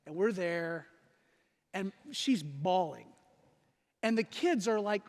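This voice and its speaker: Male pastor, very high voice, lively storyteller who acts out the people he quotes, long church-hall reverb. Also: a little fast. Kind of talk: sermon with personal storytelling. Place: church sanctuary.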